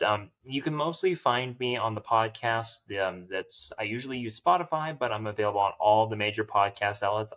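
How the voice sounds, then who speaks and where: A man with a lower voice talks in a loose, rambling podcast chat, poking fun at himself and laughing often. The sound is dull and lo-fi. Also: a bit bright. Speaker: podcast guest, cosplayer. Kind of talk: casual chat.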